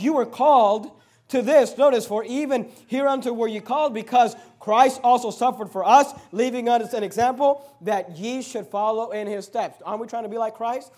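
A man preaching a sermon, emphatic, voicing complaining listeners and dropping his voice low to read scripture. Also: darkish tone.

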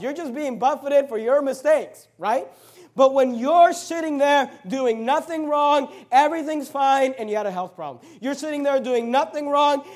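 A man preaching a sermon, emphatic, voicing complaining listeners and dropping his voice low to read scripture. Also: a little mellow.

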